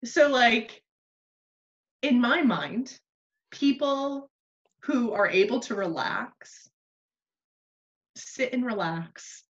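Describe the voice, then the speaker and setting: A woman's voice: medium pitch, fairly bright tone. Chatty self-deprecating woman, lo-fi. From United States. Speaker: podcast guest. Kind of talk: casual conversational podcast. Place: Australia. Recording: slightly dull lo-fi sound.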